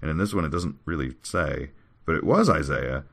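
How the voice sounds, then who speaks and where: A man's voice: rumbling low, lively intonation, moderate pace, gravelly, a bit bright, slightly rough. A podcast host, a man, reading scripture aloud and breaking off into wry joking asides in casual chat.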